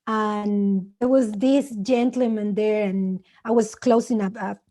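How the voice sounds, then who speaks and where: A woman from Mexico whose first language is Spanish speaks English with a Mexican accent, telling animated stories in simple, non-native English on a conference panel. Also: medium pitch, slow pace. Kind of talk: casual panel talk.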